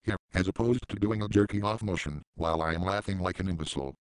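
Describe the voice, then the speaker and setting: A man with a very low, smooth, resonant voice, recorded dry and close. He delivers mocking commentary in a deadpan, sarcastic and profane way. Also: fast talker, no echo. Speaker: commentary channel host.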